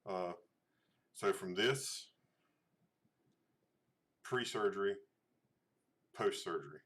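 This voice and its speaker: Showing photos on a casual livestream, a middle-aged man talks to his audience in a meandering way, full of fillers and false starts. He speaks slowly in a deep, expressive voice with a slightly bright quality.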